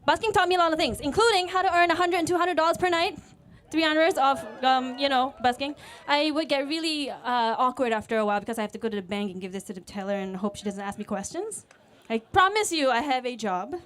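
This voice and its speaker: A woman's voice: high voice, fast talker, hardly any pauses, a bit bright. A woman, telling a personal story on stage at a live event in a candid, chatty way with fillers. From Singapore. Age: late 20s. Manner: conversational and candid, with fillers and voiced quotes. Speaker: speaker at a storytelling event, music teacher. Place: live speaker event before an audience.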